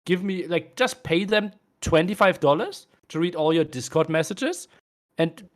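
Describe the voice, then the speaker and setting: A man interviewing a player after a match, relaxed and teasing. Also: a little high, a little slow. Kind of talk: casual post-match interview.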